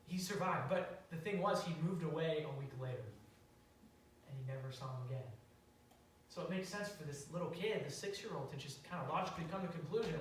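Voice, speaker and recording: A man's voice: on the high side, a little fast, a little hiss or hum. A young man preaching a sermon in a church, telling a story in a casual way with fillers and restarts. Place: church sanctuary. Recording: very echoey hall, mic far off.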